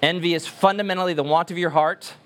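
A man's voice: fairly high pitch, fairly even intonation, fast, a bit bright. A man preaching a sermon as pastor, emphatic and earnest, repeating words for stress.

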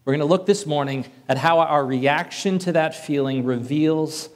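Man, preacher, sermon, fairly high voice, casual and self-deprecating. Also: moderate pace. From Northern US. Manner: conversational, self-deprecating humor.

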